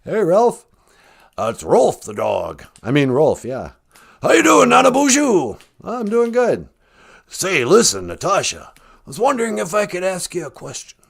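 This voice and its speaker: A man's voice: high voice, wildly swooping pitch, a little slow, gravelly, exaggerated voice. A man voicing a goofy male talking dog who calls in to a podcast, with a folksy, jokey delivery. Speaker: caller. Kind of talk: comedy call-in sketch.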